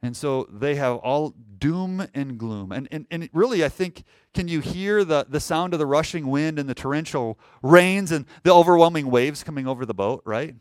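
A man's voice: on the high side, normal speed, hardly any pauses, no room sound. A man preaching a sermon, asking the congregation rhetorical questions and acting out panicked cries. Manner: animated preaching, rhetorical questions, acts out shouts. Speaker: pastor.

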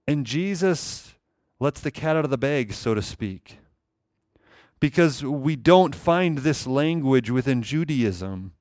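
A man's voice: a little high, no echo, studio quality. A man preaching a sermon, emphatic and repeating key phrases for weight. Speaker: pastor.

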